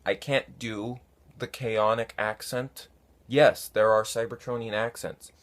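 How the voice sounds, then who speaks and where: Slow, low-voiced man chatting casually. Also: steady tone. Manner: unhurried, halting, with many fillers. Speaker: fan conlang vlogger answering comments. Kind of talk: casual talk to camera.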